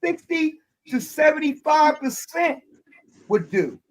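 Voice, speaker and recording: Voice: sits high, animated, takes it slowly, slight background noise, rough recording. A host from Detroit in a casual streamed discussion, talking emphatically and trailing into fillers before pressing the point again. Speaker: podcast host.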